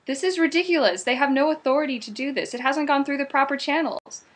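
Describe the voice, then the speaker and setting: A woman's voice: sits high, quick pace, lightly acted. A woman voicing an indignant, incredulous male starship captain.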